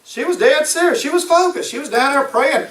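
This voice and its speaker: A man's voice: extremely high pitch, brisk, fairly bright tone, far from the mic. A man preaching a sermon, emphatic and repeating his key phrases. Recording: echoey room, voice from off-mic.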